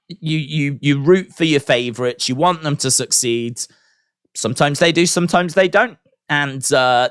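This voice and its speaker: A man's voice: mid-range voice, fairly bright tone, dry recording, clean studio sound. A man hosting a wrestling watch-along live stream, rambling casually with restarts and fillers.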